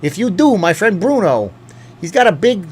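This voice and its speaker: Guy putting on a loud new york tough guy, high pitched and threatening. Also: very animated, moderate pace, breathy edge, exaggerated voice. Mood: menacing. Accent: put-on New York.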